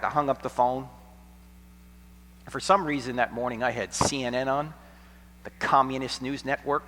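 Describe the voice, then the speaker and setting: A middle-aged American man giving an apologetics lecture to college students, telling stories dramatically, sometimes hushed and sometimes nearly shouting, with a sarcastic edge. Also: medium pitch, moderate pace, pauses often, a little hiss or hum. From United States. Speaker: Christian apologetics speaker. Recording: long hall reverb.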